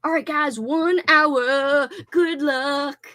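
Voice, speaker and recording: A woman's voice: high voice, fairly even intonation, very slow, pushed and bright. A young woman hosting a livestream, chatting casually in a bubbly way and laughing easily. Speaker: livestream host. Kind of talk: casual chat.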